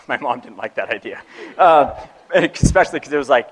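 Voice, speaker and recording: A young man casually telling a heartfelt personal story, laughing often and dropping to a hush for the serious parts. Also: mid-range voice, moderate pace, poor audio. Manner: laughs often, many restarts, drops to a hush for serious moments. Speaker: speaker sharing a personal story.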